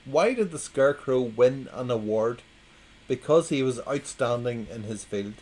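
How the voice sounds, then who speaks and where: A man's voice: mid-range voice, lively intonation, a little slow, poor audio. A man hosting a casual livestream, reading groan-worthy jokes to his chat and repeating the punchlines when no one answers. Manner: wry, plays to a quiet chat, repeats punchlines. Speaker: livestream host.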